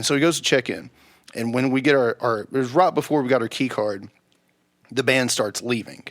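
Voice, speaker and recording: A young man telling a rowdy story on a podcast, swearing freely and loudly acting out the people he quotes. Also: medium pitch, a little fast. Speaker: podcast guest. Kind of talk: casual storytelling.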